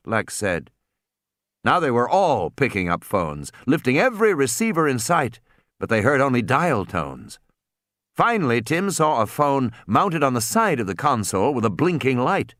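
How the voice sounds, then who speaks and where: A man reading an audiobook aloud in an expressive, dramatic narration. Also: medium pitch, normal speed, no echo, clean studio sound. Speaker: audiobook reader. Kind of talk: scripted narration.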